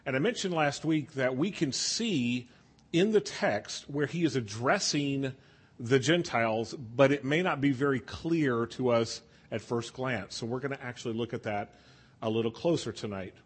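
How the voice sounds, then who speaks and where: A man teaching an evening Bible study, talking through scripture in an easygoing, conversational way. His voice has a husky edge. He regularly stops to ask the class what they think. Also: medium pitch, moderate pace. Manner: conversational, asks the class questions.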